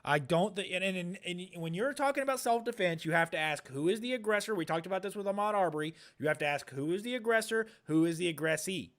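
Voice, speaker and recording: A man's voice: sits high, fast talker, hardly any pauses, a bit bright. A man co-hosting a political podcast, talking in an emphatic, argumentative way and often repeating words as he starts a point. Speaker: podcast co-host. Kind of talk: political commentary chat.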